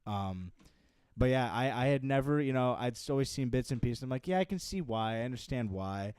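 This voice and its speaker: A young man in casual chat as co-host, talking earnestly and halting now and then with fillers and restarts. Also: mid-range voice, animated, a little mellow, clean tone, no room sound. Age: young adult.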